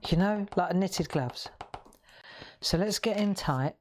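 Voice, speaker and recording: A woman's voice: fairly low pitch, expressive, a little slow, a little mellow, a little hiss or hum. A woman hosting a live colouring tutorial from her craft room, chatty and demonstrative, talking into a lapel mic. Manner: chatty, demonstrative, laughs at herself. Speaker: crafting livestream host.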